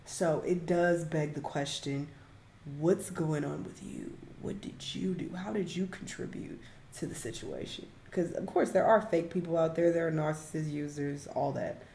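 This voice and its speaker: A woman's voice: sits low, moderate pace, vocal fry, dark tone, slight background noise. A woman reacting to a clip with skeptical, questioning commentary in an echoey room. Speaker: reaction host.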